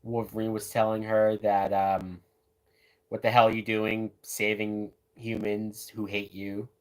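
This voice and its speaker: A man with a fairly low, flat voice offers loose, casual live commentary while watching a movie, speaking at a measured pace. He's chatty and keeps dropping in "man" and "like."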